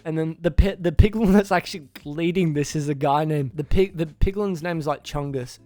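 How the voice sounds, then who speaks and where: A man's voice: a little high, brisk, hardly any pauses, dark tone, no room sound, faint music behind. A man casually recapping a film's plot for his channel, rambling, restarting names and acting out the characters' lines. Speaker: YouTuber reviewing a film.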